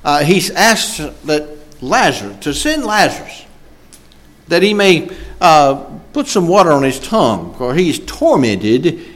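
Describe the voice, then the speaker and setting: A preacher man delivers his sermon in a lively, swooping voice that sits a little high for a man. His cadence is emphatic, broken by frequent filler sounds as he builds each point. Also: unhurried.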